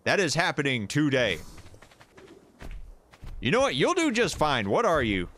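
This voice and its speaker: A man giving jokey, animated commentary while playing a survival game and talking to the creatures in it. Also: a little high, measured pace. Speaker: gaming YouTuber. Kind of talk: playthrough commentary.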